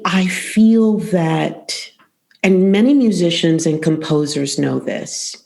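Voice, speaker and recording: A middle-aged woman, a vocal coach, talking as a podcast guest in an expressive, rhythmic way, repeating phrases for emphasis. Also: on the low side, slow pace, creaky. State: emotional, close to tears.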